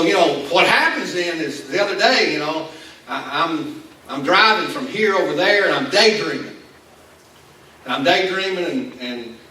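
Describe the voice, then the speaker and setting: A man's voice: on the high side, pushed and bright, a little hiss or hum. A man with an Appalachian Southern accent preaching a conversational sermon, telling rambling self-deprecating stories with many restarts. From Appalachian Kentucky. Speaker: pastor. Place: school venue used as church hall. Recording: echoey room from far off.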